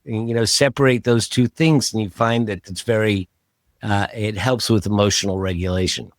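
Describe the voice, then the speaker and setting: Low-voiced man hosting a podcast. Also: moderate pace, no room sound, clean studio sound. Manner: relaxed, rambling with many fillers and restarts. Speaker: podcast host. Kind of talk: casual interview chat.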